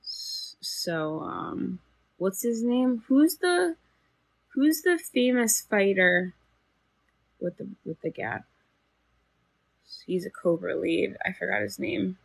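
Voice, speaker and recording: A woman hosting a live spiritual healing stream, guiding breathing and chatting in a soft, meandering way with many fillers. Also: medium pitch, animated, vocal fry, slightly rough, dry recording. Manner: slow, soft and soothing when guiding, chatty with fillers and laughs otherwise. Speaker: livestream spiritual healer. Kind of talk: guided meditation and casual live chat.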